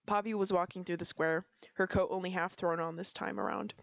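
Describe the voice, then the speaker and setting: A woman's voice: lowish voice, fairly even intonation, a little fast, gravelly, dry recording, muffled recording. Giggly woman reading stories aloud. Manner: giggly, breaks into laughter. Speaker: streamer reading community roleplay posts. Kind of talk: casual read-aloud storytelling.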